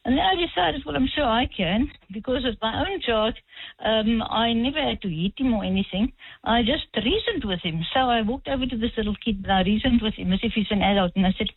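A husky-voiced woman calls in to a radio show over a tinny phone line. She speaks a little high and her pitch moves a lot, and she tells her story slowly, with many pauses and ums. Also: lively intonation, no echo. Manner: measured, hesitant, with many ums. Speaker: caller.

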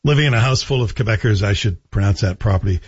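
A man's voice: on the low side, quick pace, highs cut off, background noise. A middle-aged man hosting a talk radio show, delivering a monologue with sarcastic, joking asides.

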